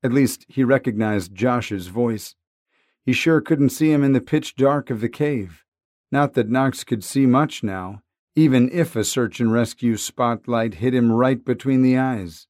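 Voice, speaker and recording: A man's voice: mid-range voice, a little slow, a little mellow, dry recording, clean studio sound. A man narrating a novel in a wry, conversational tone. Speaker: audiobook narrator. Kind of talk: scripted narration.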